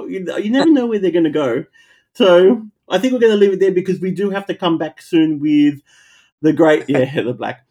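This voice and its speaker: A man's voice: high-pitched, warm tone. A man hosting a podcast, chatting casually and laughing easily as he wraps up the segment. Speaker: podcast host. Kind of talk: casual chat.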